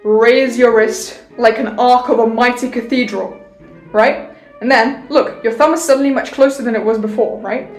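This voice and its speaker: A woman's voice: fairly high pitch, steady tone, normal speed, a little mellow, faint music behind. A woman giving a casual violin lesson in a playful, jokey way, with theatrical asides. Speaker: violin teacher. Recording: roomy echo.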